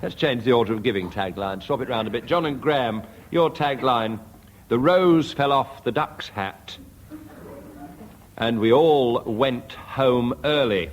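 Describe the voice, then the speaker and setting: A man runs a comedy panel game on the radio, reading out taglines and scores in a dry, brisk way. His voice sits at an ordinary middle pitch. The old recording carries a clear hiss behind him. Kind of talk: radio panel show hosting.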